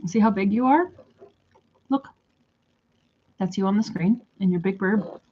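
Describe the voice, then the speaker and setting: A woman's voice: mid-range voice, unhurried, highs cut off, a little hiss or hum. A woman talking to her pet bird in a casual vlog, coaxing it in a sing-song baby-talk voice, recorded at home. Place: home room by a window.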